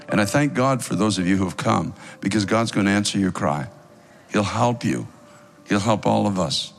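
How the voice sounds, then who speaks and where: A very low, gravelly male voice leading a heartfelt altar prayer. He pleads and exhorts in a steady preacher's cadence, while soft music plays faintly underneath. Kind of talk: sermon prayer over music.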